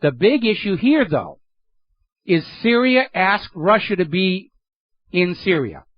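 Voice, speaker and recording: A man's voice: sits high, sing-song, slow, no room sound, dull audio. Sardonic talk radio host, man. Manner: sardonic, emphatic commentary. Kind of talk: political talk radio monologue.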